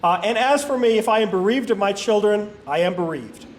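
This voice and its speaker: High-voiced man reading scripture, halting. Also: a little hiss or hum. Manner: halting reading, frequent self-corrections and fillers. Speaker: Bible study leader. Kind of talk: reading scripture aloud with casual asides.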